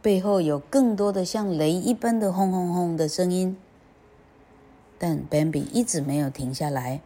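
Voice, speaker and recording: A woman host narrating a storybook slowly and gently, switching between two languages. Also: fairly low pitch.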